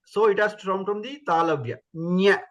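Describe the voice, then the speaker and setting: A man's voice: high-pitched, lively intonation, quick pace, rough recording. A man teaching Sanskrit pronunciation in an online class, patiently repeating sounds as demonstrations.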